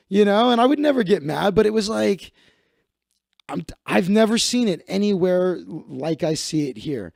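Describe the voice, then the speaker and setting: A high-pitched man from Chicago rants casually on his livestream, his voice leaping around with a gravelly rasp. He swears freely and acts out other people. The sound is dry and close. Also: animated, moderate pace, a little mellow, no room sound. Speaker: livestream host. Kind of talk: casual comedic rant.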